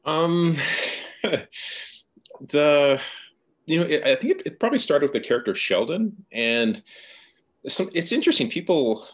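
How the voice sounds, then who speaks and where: A man's voice: a little high, big pitch swings, unhurried, pauses often. A man, a novelist, speaking thoughtfully and personally as the guest in a conversational interview. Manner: thoughtful, soft-spoken, personal.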